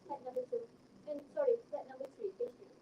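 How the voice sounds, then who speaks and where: A woman's voice: sits high, big pitch swings, quick pace, roomy sound, dull audio. A woman serves as a panel examiner, asking direct, probing questions about a student's research. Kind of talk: questioning in a viva. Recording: distant mic with clear background noise.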